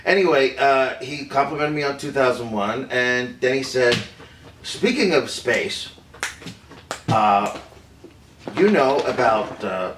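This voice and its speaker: An actor playing a famous film director in a staged interview, halting and hesitant with many fillers. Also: male voice, medium pitch, animated, fairly bright tone. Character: man playing a famed film director recounting secrets. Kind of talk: improvised interview acting. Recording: roomy echo from a distant mic with faint noise.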